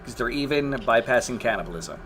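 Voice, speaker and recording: A man's voice: medium pitch, expressive, fairly quick, a bit bright, a little hiss or hum. A man commentating his own gameplay on a live stream, exasperated, swearing and groaning at the game.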